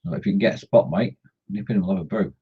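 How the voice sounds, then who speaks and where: A man's voice: deep voice, very fast, breathy edge, phone-quality sound. A man chatting casually on a scale-modelling live stream, greeting viewers by name and joking as he works.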